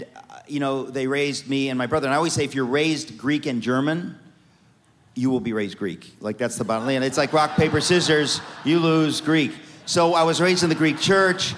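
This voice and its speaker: A man from the United States, a guest author telling his life story on stage in an animated, joking way. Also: mid-range voice, in a large hall.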